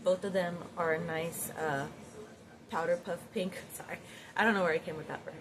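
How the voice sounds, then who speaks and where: A woman's voice: fairly low pitch, steady tone, normal speed. A woman vlogging from home in casual chat, gushing and rambling with lots of fillers and repeated words. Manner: gushing, admiring. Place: home, near closet. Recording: noisy background.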